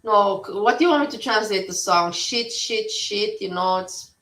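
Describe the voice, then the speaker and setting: A woman's voice: mid-range voice, normal speed, fairly bright tone, distant mic. Blunt rambling woman streamer, roomy sound. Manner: blunt, rambling, swears freely. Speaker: livestream host. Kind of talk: casual livestream chat.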